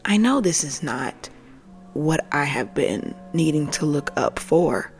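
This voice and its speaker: A woman's voice: low-pitched, expressive, slow pace, faint music behind. A woman hosting a podcast, telling an emotional personal story to listeners she calls family, swearing freely and often dropping to a whisper. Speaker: podcast host. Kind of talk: casual storytelling monologue.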